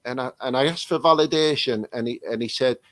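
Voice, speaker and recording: An English psychic medium talks fast in a medium-pitched voice, chatting casually over a video call. His stories ramble with many restarts, and there's no room sound.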